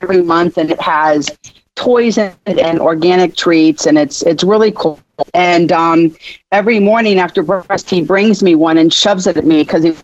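A woman co-hosting a radio chat, telling stories in an animated way and acting out the quotes. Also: mid-range voice. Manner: animated storyteller, acts out quotes. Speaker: show regular, co-host. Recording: dry, dull line.

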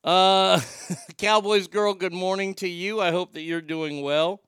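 A man's voice: sits high, fairly even intonation, measured pace, a bit bright, clean tone, no room sound, studio quality. A man from Oklahoma hosting a livestream, reading out viewer comments with jokes and banter. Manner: bantering, joking, reads comments aloud. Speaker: livestream host.

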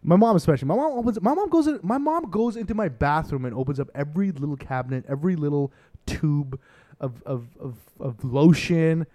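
Young male podcast co-host, 20s, lively storyteller, slightly higher register. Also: fairly quick. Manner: animated storyteller, mimics his parents in exaggerated voices. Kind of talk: casual chat.

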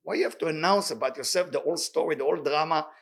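A man teaching a weekly Torah class who reads Hebrew quickly and then translates it into plain talk, with an animated, excitable delivery. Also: on the high side.

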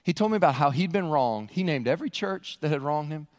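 A man's voice: fairly high pitch, lively intonation, quick pace, a little mellow. A man preaching a sermon, talking conversationally and repeating words as he presses a point. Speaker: pastor. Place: church sanctuary. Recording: long hall reverb in church.

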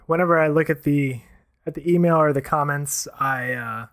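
A man's voice: a little high, normal speed, fairly bright tone, no echo, studio quality. A man co-hosting a podcast in casual chat, easygoing and hesitant with fillers. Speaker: podcast co-host.

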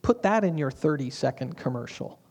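A man's voice: a little high, animated, moderate pace, a little mellow, slightly rough. A man preaching a sermon as a pastor, in a humorous, conversational way.

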